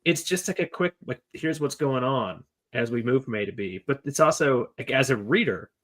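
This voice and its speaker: A male podcast co-host chats casually about a book, rambling along with lots of fillers and jokes. His voice is medium-pitched and fairly bright, with lively intonation and a moderate pace.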